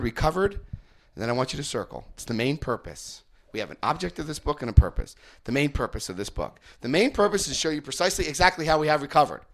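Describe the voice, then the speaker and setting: A middle-aged man with a fairly high, fairly bright voice speaks informally to a recovery group. He tells stories using quoted voices and puts questions to the room.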